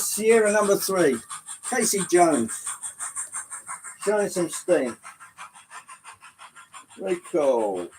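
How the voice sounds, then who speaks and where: A man's voice: high-pitched, a little mellow, slight background noise, rough recording. A middle-aged man casually chatting with viewers as he runs and explains his model trains. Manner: chatty, exclamatory, reads chat aloud. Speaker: livestream host showing model trains. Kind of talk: casual live chat with viewers. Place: indoor hobby room with layout.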